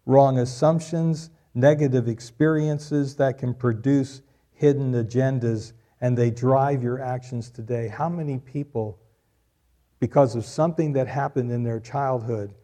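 A man's voice: mid-range voice, steady tone, slow pace, dark tone. A middle-aged man preaching a sermon, repeating key lines for emphasis and joking with the congregation. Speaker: pastor.

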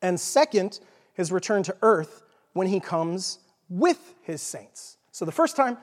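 A Texan man with a fairly high voice delivers an informal teaching sermon in a church. He talks casually and jokes, and often stops to ask "okay?". His voice rings with the long echo of a large hall. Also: sing-song, measured pace. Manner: informal, jokey, checks in with "okay?". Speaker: preacher.

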